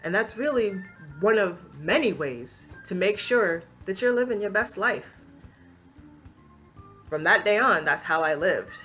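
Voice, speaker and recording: On her own channel, a woman vlogger with a fairly low voice tells a personal story to the camera. Her delivery is casual and expressive, with frequent laughter and acted-out versions of what people said.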